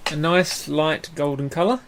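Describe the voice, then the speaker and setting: A man's voice: a little high, normal speed. A man with an Australian accent co-hosting a casual podcast, chatty, with lots of ums and frequent laughs. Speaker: podcast co-host. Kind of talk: casual chat.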